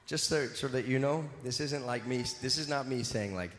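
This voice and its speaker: A male singer with a medium-pitched, slightly bright voice and a moderate pace teases his concert audience from the stage, scolding them in mock seriousness. It's recorded live in a large venue with tiered seating, carrying concert-hall reverb, music, and a little hiss or hum.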